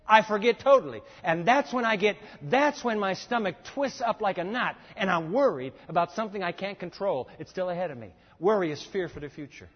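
Brief: high-pitched male preacher, emphatic sermon delivery, long hall reverb. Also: expressive, brisk, few pauses, breathy edge. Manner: emphatic, repeats points for note-taking. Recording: echoey dull lo-fi hall recording.

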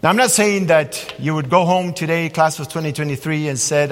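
Animated male preacher in a reverberant hall. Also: fairly high pitch, a little fast, hardly any pauses. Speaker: pastor. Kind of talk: sermon.

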